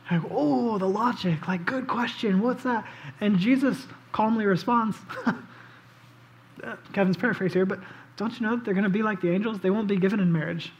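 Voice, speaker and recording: High-voiced, animated male pastor. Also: moderate pace. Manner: animated storytelling, acts out quoted voices; casual, with frequent "like" and "um". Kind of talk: conversational sermon.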